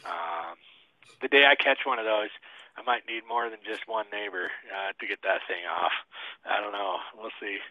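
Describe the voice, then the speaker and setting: A man's voice: on the low side, normal speed. Folksy man on a tinny video call. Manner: folksy, animated storyteller. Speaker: guest, trapper and shooter. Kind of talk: storytelling in casual chat.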